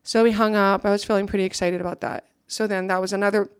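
A woman's voice: mid-range voice, level tone, fast talker, smooth, dry recording. Young woman telling her testimony, earnest and reflective, dry close sound. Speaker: speaker giving a personal testimony. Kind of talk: personal testimony talk.

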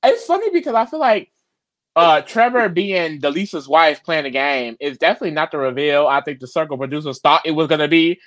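A woman's voice: sits low, expressive, a little fast. A woman casually recapping a reality show with a co-host, chatty and slangy. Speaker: podcast co-host.

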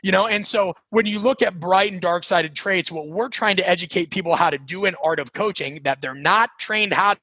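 A man's voice: high voice, husky, dry recording, poor audio. Emphatic man telling coaching stories. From Nebraska, USA. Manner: energetic, emphatic, acts out quoted dialogue. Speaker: coaching author and podcast guest. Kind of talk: conversational interview storytelling.

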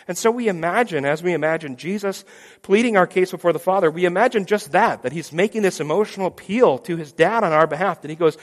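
A man preaching a sermon, dramatic, acting out quoted voices with big swings from loud pleas to near-whispers. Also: high voice, expressive, brisk. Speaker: pastor. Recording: long hall reverb.

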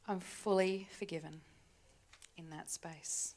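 A woman preaching a sermon in a church, talking conversationally with tag questions and dropping to soft, hushed asides. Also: lowish voice, unhurried. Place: church stage.

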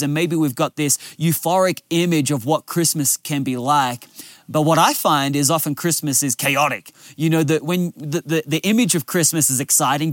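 Earnest pastor preaching outdoors. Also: male voice, fairly high pitch, no echo, clean studio sound. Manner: earnest, conversational storytelling. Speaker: lead pastor. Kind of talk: sermon. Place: outdoors by a lake.

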